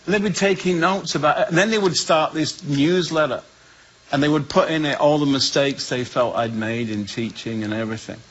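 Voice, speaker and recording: English male storyteller, slightly high, bright voice, animated and funny. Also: fairly quick, lo-fi sound. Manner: lively storyteller who acts out the voices in his tale. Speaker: guest speaker. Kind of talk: humorous personal storytelling.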